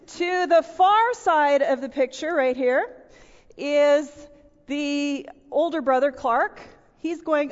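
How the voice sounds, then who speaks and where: A middle-aged woman delivers a storytelling sermon to a room full of listeners, acting out little voices and sound effects as she goes. Her voice sits high and she takes her time. The recording is dull, with a long reverb from a big hall. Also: lively intonation, slow pace. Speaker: women's speaker. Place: large room with audience.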